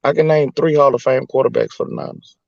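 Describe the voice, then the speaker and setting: A man arguing football in a casual chat, answering with calm, dismissive comebacks. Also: mid-range voice, fast talker, vocal fry, no echo, dull audio. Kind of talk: heated casual sports argument.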